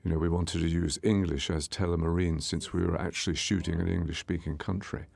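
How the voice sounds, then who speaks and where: A man, the film's director, giving a measured, explanatory audio commentary with small restarts as he walks through scenes. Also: low-pitched, flat delivery, vocal fry, a little mellow. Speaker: film director.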